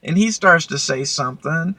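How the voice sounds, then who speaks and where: A woman's voice: deep voice, lively intonation, normal speed, pushed and bright, slightly rough, dry recording. A woman vlogger telling a work story in a blunt, profane, casual way. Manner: blunt, profane, heated retelling.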